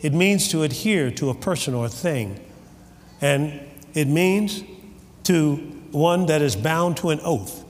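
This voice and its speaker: Male preacher, slightly high voice, lively pitch swings, church sermon, long hall reverb. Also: measured pace. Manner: animated, calls for amen from the congregation. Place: church sanctuary. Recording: hall reverb with faint ambience.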